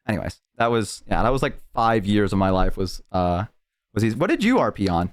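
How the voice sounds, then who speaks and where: A man's voice: on the low side, very animated, brisk. A male streamer chatting casually, rambling on tangents as he tells a long story. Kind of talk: casual chat.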